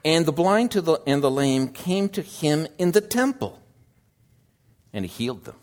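A man preaching a sermon, slow and deliberate, swinging between loud emphasis and hushed asides. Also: on the high side, sing-song.

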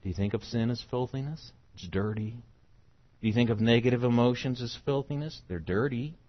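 A middle-aged man from the United States preaching a sermon, emphatic, swinging from soft to loud. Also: medium pitch, a little fast, highs cut off.

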